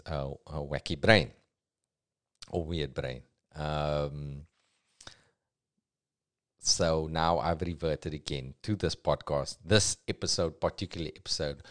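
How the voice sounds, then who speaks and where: A middle-aged man hosts a loose, comedic solo podcast. His voice sits on the low side, and he swings between half-mumbled asides and sudden loud jokes. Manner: rambling, self-mocking, jumping between mumbles and bursts. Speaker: podcast host.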